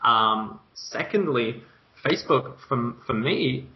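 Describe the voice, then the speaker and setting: A man's voice: medium pitch, expressive, takes it slowly, lo-fi sound. A man co-hosting a podcast, explaining ideas in an enthusiastic, talkative way. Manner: enthusiastic, explanatory, laughs lightly. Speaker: co-host. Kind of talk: conversational business podcast.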